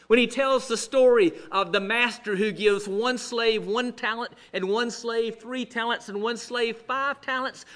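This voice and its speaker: A male pastor preaching a sermon with humorous storytelling, animated but dropping to a hush at solemn moments. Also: high-pitched.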